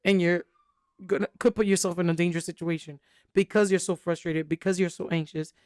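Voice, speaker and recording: A woman's voice: lowish voice, steady tone, a little fast, darkish tone, no room sound, clean studio sound. A young woman co-hosting a podcast, telling a candid, rambling story full of fillers in casual chat. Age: young adult. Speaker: podcast co-host.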